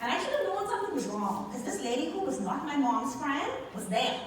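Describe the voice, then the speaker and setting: A woman's voice: sits high, a little fast. A young woman from the Bahamas, telling a personal story on stage and speaking directly to the audience. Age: young adult. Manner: expressive storyteller who talks to the audience. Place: large hall with an audience. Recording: echoey hall from far off, with background noise.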